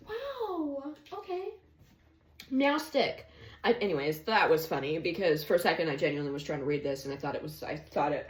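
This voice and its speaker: A woman's voice: medium pitch, distant mic. A young woman streaming from her bedroom, chatting casually with lots of swearing and rambling asides. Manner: swearing, rambling, swings between giddy and teary. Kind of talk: casual chat. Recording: roomy echo, a bit off mic.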